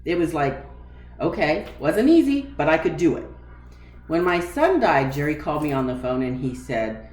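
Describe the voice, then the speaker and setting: In a room in her home with an echoey sound, a woman in her forties speaks in a low voice at normal speed. She candidly and emotionally tells a personal story, animatedly acting out the conversations she remembers.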